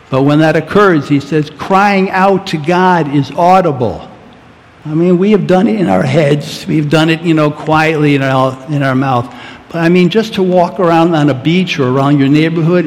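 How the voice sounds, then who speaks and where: A man's voice: fairly high pitch, big-room sound. A man preaching a sermon as pastor, earnest and building to urgent, pleading peaks.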